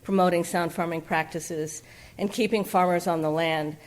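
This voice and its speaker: A woman's voice: lowish voice, fairly even intonation, moderate pace. A woman giving a public lecture in a conversational way, with fillers and questions to the audience in a lecture room. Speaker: guest speaker from a farmland nonprofit.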